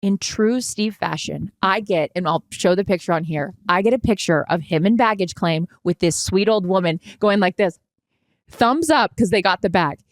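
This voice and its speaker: A woman chatting on a podcast, her voice sitting at a middle pitch. She tells a long story with animated energy and a few swear words. The sound is dry and close. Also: moderate pace, dry recording. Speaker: podcast co-host. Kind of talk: casual chat.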